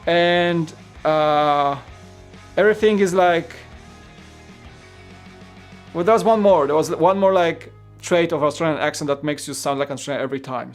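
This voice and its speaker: This host from Poland talks at a moderate pace with frequent pauses, wandering through casual livestream chatter and stopping to read out comments from viewers. Faint, gentle guitar sits beneath his slightly high male voice.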